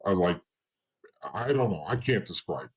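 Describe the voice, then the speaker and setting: Low-pitched and husky, a middle-aged man shares his life story as an interview guest at a measured but animated pace. He's candid, blunt, and rambling, often restarting and saying "you know," and the audio is poor.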